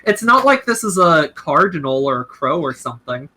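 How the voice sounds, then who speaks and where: A woman's voice: deep voice, very animated, moderate pace, sharp tone. A woman playing a tabletop role-playing game with friends, chatting casually with many "likes" and talking eagerly about birds. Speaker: player.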